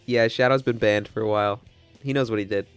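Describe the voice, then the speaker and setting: A man's voice: on the low side, fairly even intonation, fast talker, smooth, soft background music. A young man, casually telling a long rambling story to his stream chat, with lots of restarts and swearing.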